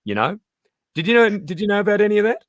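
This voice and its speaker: A man in casual interview chat, an animated storyteller who acts out the voices he quotes. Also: high voice, fast, no room sound. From Australia. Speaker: comedian guest.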